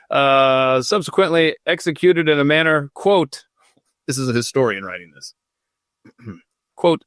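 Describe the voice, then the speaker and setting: A man's voice: mid-range voice, a bit bright, no room sound. Man hosting a casual podcast, rambling and self-mocking, dry close sound, mid-range voice. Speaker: podcast host. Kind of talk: unscripted casual chat.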